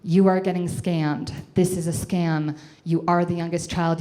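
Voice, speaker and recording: A woman in her twenties telling a self-deprecating comic story to a live audience, animated and chatty. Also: fairly low pitch, a little slow.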